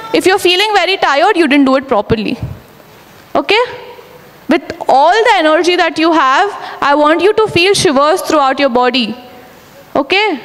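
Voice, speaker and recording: A young woman running a motivational school workshop, commanding the group and telling them to repeat after her. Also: high voice. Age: young adult. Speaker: workshop facilitator. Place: large school hall indoors. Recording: echoey hall with students around. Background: a room of students.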